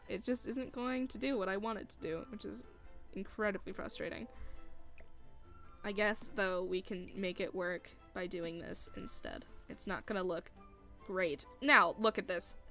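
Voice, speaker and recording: A woman's voice: medium pitch, measured pace, pushed and bright, faint music behind. A woman streaming a building game, scolding the furniture in exasperation and laughing often between complaints. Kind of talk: live gameplay commentary.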